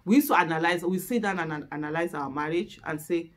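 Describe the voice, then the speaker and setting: A woman with a Nigerian accent chatting candidly to the camera as host, openly emotional and laughing loudly. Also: lowish voice, quick pace.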